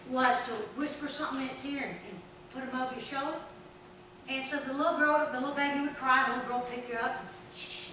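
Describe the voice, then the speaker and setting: Woman, pastor preaching, folksy storyteller, bright voice, distant mic, faint noise. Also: high voice. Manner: folksy storytelling with animated shouts. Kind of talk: sermon. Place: church sanctuary. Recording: echoey church from far off.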